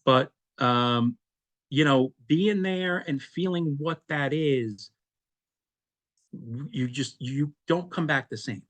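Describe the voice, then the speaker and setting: Animated man telling his story. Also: a little high, slow. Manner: animated, laughs often, restarts and repeats words. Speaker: interview guest. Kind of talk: conversational storytelling.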